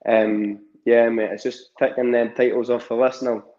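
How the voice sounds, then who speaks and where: Young Scottish male guest, casual, rambling, mid-pitched, muffled audio. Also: flat delivery, normal speed, mellow. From Scotland. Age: young adult. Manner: rambling, many fillers and restarts. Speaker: amateur boxer, guest. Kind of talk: casual interview chat.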